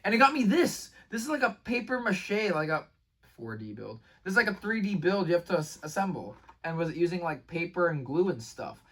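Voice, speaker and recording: A man chatting through a casual vlog recap in a slightly high voice. He rambles, restarts sentences and fills every pause with filler words. He sits a little back from the mic. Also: distant mic. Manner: rambling, filler-heavy, says "like" and "bro" constantly; excitable, restarts sentences often. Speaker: vlogger.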